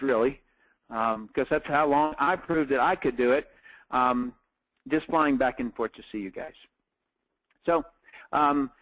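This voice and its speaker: A man's voice: a little high, no echo, poor audio. A man presenting a business training, telling stories in a salesy, upbeat way with many fillers. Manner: storytelling with lots of fillers and quoted dialogue.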